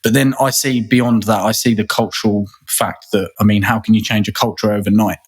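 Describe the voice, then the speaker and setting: A man's voice: fairly low pitch, fairly even intonation, fairly quick, breathy edge. A man, a guest in a casual interview, talking earnestly and rambling, often repeating words and restarting. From England.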